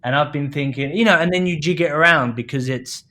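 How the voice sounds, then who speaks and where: A man's voice: a little high, a little fast, bright, forceful tone. A man from London, a film director, talking casually as a podcast guest, full of "you know" fillers and acted-out quotes. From London, England. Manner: chatty, many fillers, acts out quoted speech.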